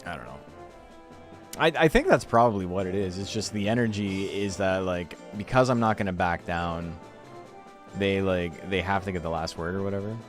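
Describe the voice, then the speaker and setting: A man's voice: low voice, normal speed, faint music behind. A man, chatting loosely and swearing casually while commentating a game tournament on a stream. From Canada. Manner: loose and profane, laughing often.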